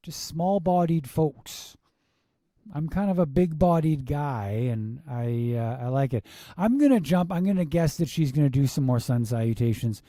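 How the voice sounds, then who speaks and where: Exasperated man with a dark voice. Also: fairly high pitch, lively intonation, no room sound, clean studio sound. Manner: exasperated rhetorical questions, quick asides. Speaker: yoga teacher reviewing a class video. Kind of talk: casual critique with commentary.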